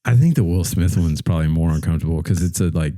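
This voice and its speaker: A man's voice: sits low, fast, mellow, no echo, clean studio sound. A man co-hosting a podcast in casual chat, reflecting aloud and acting out imagined quotes. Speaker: podcast co-host.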